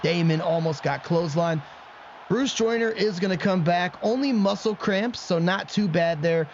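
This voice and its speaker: A man hosting let's-play commentary of a video game, excitable and quick to rant at himself in frustration. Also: high-pitched. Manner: excitable, swings into frustrated self-mocking rants. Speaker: gaming channel host. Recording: muffled lo-fi audio with faint background noise.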